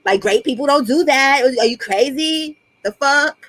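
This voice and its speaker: A woman co-hosting a livestream in casual chat, mocking and exasperated, talking fast and swearing freely. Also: high-pitched, expressive, creaky, fairly bright tone, dry recording, rough recording. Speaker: co-host.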